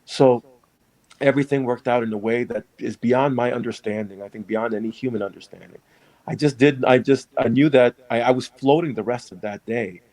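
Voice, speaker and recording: A man's voice: mid-range voice, brisk, darkish tone, no room sound, low-quality recording. A man who is a priest, telling his story in an interview in an earnest, reflective way.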